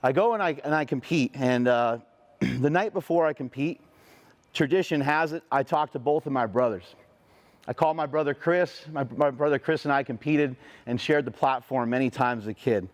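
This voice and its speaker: A man's voice: mid-range voice, normal speed. Profane, storytelling man. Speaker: motivational speaker. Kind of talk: motivational storytelling speech.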